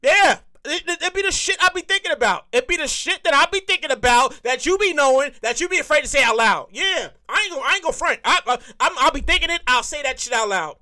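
Woman podcast comic, high bright voice, lively and profane, repeats herself. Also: fast talker, few pauses. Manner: profane, animated storytelling with repeated phrases. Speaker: comedian host. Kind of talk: stand-up style podcast monologue.

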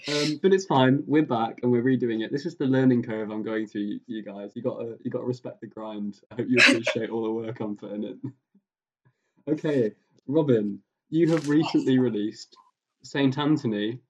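A man's voice: mid-range voice, normal speed, dull audio. A man hosting a casual podcast interview, playful and self-mocking. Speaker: podcast host.

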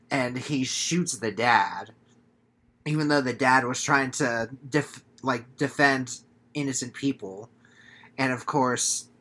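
A man in a casual movie review chat, recapping the plot in a relaxed way with fillers. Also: mid-range voice. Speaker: podcast guest.

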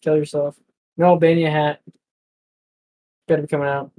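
A young man co-hosting a podcast, dropping short deadpan one-liners in casual chat. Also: fairly high pitch, moderate pace, poor audio. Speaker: podcast co-host.

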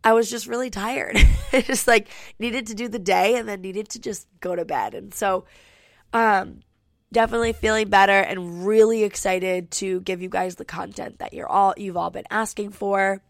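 A woman's voice: medium pitch, steady tone, moderate pace, no echo, clean studio sound. A woman in her twenties hosting a podcast in casual chat, talking with lots of "like" fillers and a stuffy nose. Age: 20s. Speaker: podcast host. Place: home studio.

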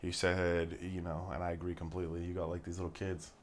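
A young podcast host with a low, monotone voice talks fast in a casual chat, swearing a lot and wandering off on rambling tangents as he tells stories. There's slight background noise.

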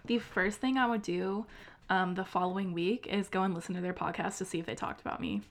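A woman's voice: medium pitch, fairly even intonation, brisk. A woman co-hosting a podcast, chatting eagerly with plenty of ums. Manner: chatty and enthusiastic, with frequent ums. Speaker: podcast co-host. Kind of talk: casual chat.

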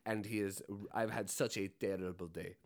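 A man's voice: sits low, steady tone, moderate pace, voice pushed down. A man mimicking a cranky ninety-year-old woman. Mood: indignant. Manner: indignant, complaining.

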